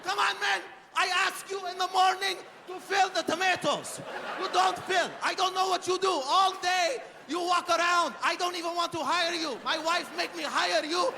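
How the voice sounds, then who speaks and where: A man voicing an angry middle-aged male shawarma shop owner who rants and yells in broken English. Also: extremely high pitch, fairly even intonation, normal speed, creaky, long reverb tail, crowd noise, background noise, pitched above the performer's own voice. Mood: furious. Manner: yelling, broken English rant.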